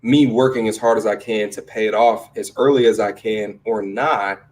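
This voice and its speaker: A man's voice: on the low side, fairly even intonation, normal speed. A man co-hosting a casual online talk show, arguing his side plainly and swearing now and then. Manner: loud and fired up when riled, casual with cursing. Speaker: podcast co-host. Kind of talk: casual debate chat on a video call.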